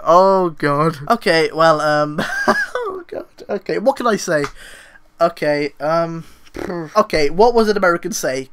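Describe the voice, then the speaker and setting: A man's voice: fairly high pitch, big pitch swings, normal speed, fairly bright tone. A young British man answering viewer questions to camera in a casual, rambling, self-deprecating way, full of "like". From Britain. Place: room at home, lit by daylight.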